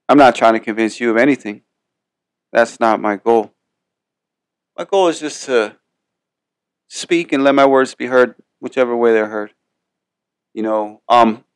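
A man's voice: mid-range voice, no room sound. Profane, rambling male podcast host. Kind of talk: casual motivational monologue.

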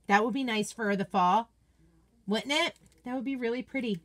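A woman's voice: on the high side, normal speed. A woman hosting a casual live unboxing, chatty and gushing as she reads out viewer comments. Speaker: craft product consultant and host.

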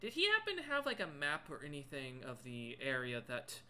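A man's voice: fairly high pitch, wildly swooping pitch, a little fast, sharp tone, exaggerated voice. A man voicing a tall male monster merchant who speaks politely with a lot of hesitation and stammering.

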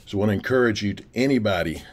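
A man's voice: on the low side, expressive, very fast. A man preaching an earnest, encouraging sermon for a recorded video, repeating his key phrases. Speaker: pastor. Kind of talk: recorded sermon to a youth camp.

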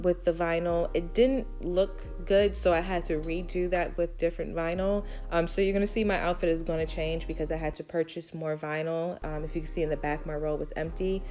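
A woman's voice: on the low side, darkish tone. A woman with a Brooklyn accent giving a chatty, step-by-step DIY tutorial voice-over with frequent ums. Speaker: DIY vlogger.

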